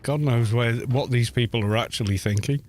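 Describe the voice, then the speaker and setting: A man's voice: mid-range voice, a little fast, a little mellow. A man chatting casually while streaming a game, rambling and exasperated, often restarting his sentences. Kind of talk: casual chat while gaming. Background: faint background music.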